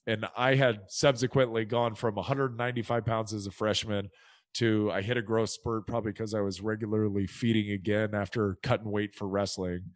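A middle-aged man from the United States, a former football player telling his story as a guest in a casual podcast interview, acting out the people he quotes with lively energy. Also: lowish voice, normal speed, no room sound.

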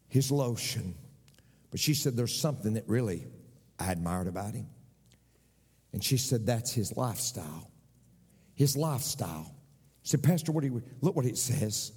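A man's voice: mid-range voice, darkish tone, husky, long reverb tail. A man preaching a sermon as pastor, repeating phrases and asking the congregation for an amen.

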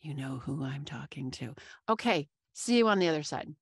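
A woman's voice: sits low, expressive, normal speed, breathy edge. A woman co-hosting a podcast in casual chat, playful and teasing, laughing often. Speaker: podcast co-host.

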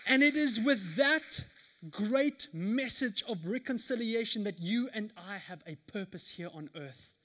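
A man in his thirties preaching a sermon at a church service, telling stories in an animated way with laughter. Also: high-pitched, a little slow. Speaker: pastor.

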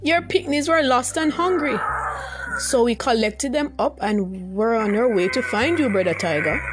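A woman's voice: on the high side, expressive, normal speed, over music, voice pushed up, natural voice. A woman voicing a sly, scheming male trickster spider in a folktale. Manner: smooth and scheming.

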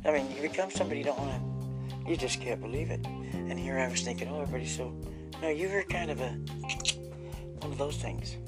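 A man's voice: mid-range voice, a little fast, pauses often. Man, casual vlog ramble, jumpy, restarts, music playing behind. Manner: scattered, jumpy, restarts often, folksy "y'all". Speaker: vlogger. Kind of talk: rambling casual monologue to viewers.

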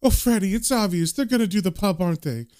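A man's voice: sits high, quick pace, a little mellow, natural voice. A man voicing a grieving older woman who runs a pub and refuses to leave it. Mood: pleading. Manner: pleading, then defiant. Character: grieving woman pub manager, stubborn and tearful.

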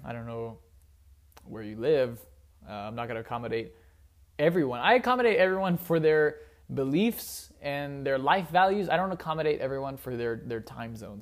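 A young man giving casual, opinionated solo sports talk as a commentator, rambling with frequent fillers. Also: fairly high pitch.

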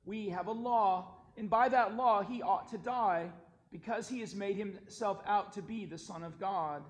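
A man reading the lines of an angry crowd in a church scripture reading, with loud, shouted demands. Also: high voice, measured pace. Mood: shouting. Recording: echoey church sanctuary, from far off.

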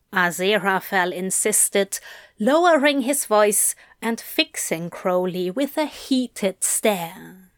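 A woman reading a story aloud in a soft, intimate narration. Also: mid-range voice, no echo, studio quality. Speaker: reader.

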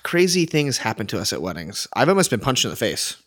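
A man co-hosting a casual podcast, his voice sitting at an ordinary middle pitch. He tells wedding-job stories animatedly, with plenty of "like" thrown in. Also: fast talker. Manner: animated storytelling, frequent "like". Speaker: wedding photographer and podcast co-host.

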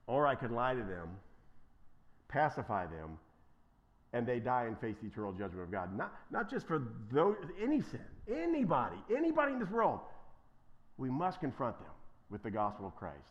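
A man preaching an emphatic sermon as pastor, swinging from quiet asides to loud, impassioned declarations. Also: medium pitch, huge pitch swings, moderate pace, muffled recording.

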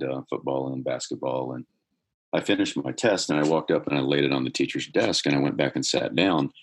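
Very deep husky man telling his story. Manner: earnest, grows more animated as the story builds. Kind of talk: personal storytelling in conversation.

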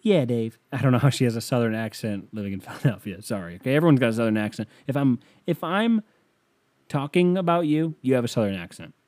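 Comedic podcast host, lively up-and-down delivery, rambling and profane. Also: male voice, mid-range voice, fast. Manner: swears often, laughs at own jokes, rambling. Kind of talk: casual comedic monologue.

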